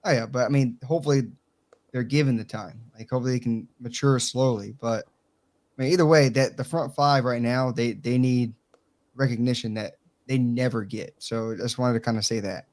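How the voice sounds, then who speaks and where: A man's voice: mid-range voice, fairly even intonation, brisk, darkish tone. A man with a country accent co-hosting a casual sports talk show, blunt and swearing freely as he tells stories. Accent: Southern US country. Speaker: co-host.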